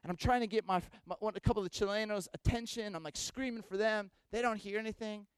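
A pastor with a fairly high voice preaches as a lively storyteller, jumping between loud bursts and hushed asides at a quick, smooth pace. The recording is dry and close, with no room sound around him.

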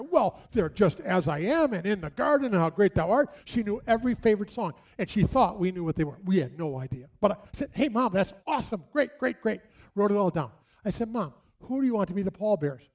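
Guy with a high voice telling a story to a crowd, does all the voices, lots of "and, and". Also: a little fast. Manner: animated, acts out his mother's lines, repeats himself. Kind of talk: storytelling talk to an audience.

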